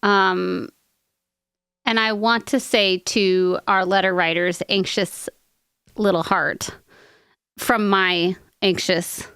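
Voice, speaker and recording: A woman co-hosting an advice podcast, talking in an earnest, rambling way with quick asides. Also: medium pitch, steady tone, fairly bright tone, clear, resonant tone, no echo, clean studio sound. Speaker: podcast co-host. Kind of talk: casual advice chat.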